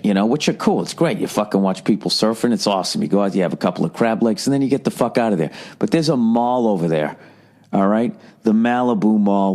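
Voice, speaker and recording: A man in his forties with a Boston accent talks alone into his podcast mic in a fairly low voice. He rants in a profane, sardonic way and tells his stories with lively energy. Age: 40s. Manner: profane, sardonic, animated storytelling. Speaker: podcast host. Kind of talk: solo comedic podcast rant.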